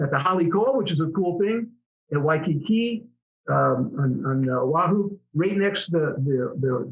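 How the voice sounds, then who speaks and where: A middle-aged man tells stories in a relaxed interview, stumbling over restarts as he goes. His voice sits a little high for a man. The audio is dull and lo-fi. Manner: chatty, rambling, many restarts. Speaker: interview guest, former fighter pilot. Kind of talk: casual storytelling interview.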